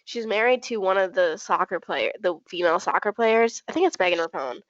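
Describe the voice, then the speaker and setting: A woman co-hosts a podcast, chatting casually with a quick, animated delivery and plenty of fillers. Her voice sits at a middle pitch. The recording is dull and lo-fi, with a dry sound. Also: no echo. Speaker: podcast co-host.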